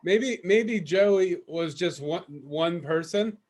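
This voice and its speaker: Laid-back joking man with a high voice. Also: slow, darkish tone. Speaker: podcast co-host. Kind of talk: casual chat.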